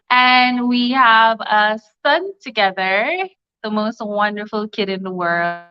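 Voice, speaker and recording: Woman, guest, casual chat, slow, smooth voice, lo-fi video call audio. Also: medium pitch, expressive. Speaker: game show contestant guest.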